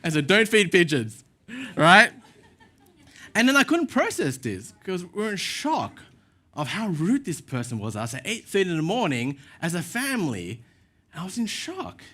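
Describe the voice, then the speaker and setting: A male pastor giving a sermon in a church, telling stories in a relaxed, self-mocking way. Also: on the high side, moderate pace. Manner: casual storytelling with self-deprecating asides.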